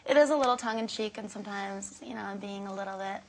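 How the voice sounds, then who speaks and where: A woman guest in a TV studio interview, speaking in short, soft-spoken answers. Her voice has a lot of vocal fry. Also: medium pitch, fast, a little hiss or hum, low-quality recording.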